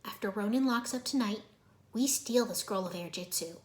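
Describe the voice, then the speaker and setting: A woman's voice: medium pitch, normal speed, close to an everyday voice. A woman voicing a brash, bossy young male ninja. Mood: cocky.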